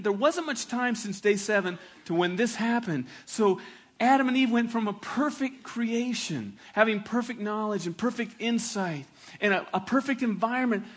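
Animated preaching man, fairly high voice. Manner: animated preaching, swinging from loud emphasis to hushed, slow reflection. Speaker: pastor. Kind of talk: sermon.

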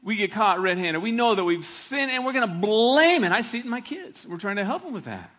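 A pastor preaching a sermon with animated delivery, swinging from loud emphasis to hushed, slow reflection. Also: male voice, sits high.

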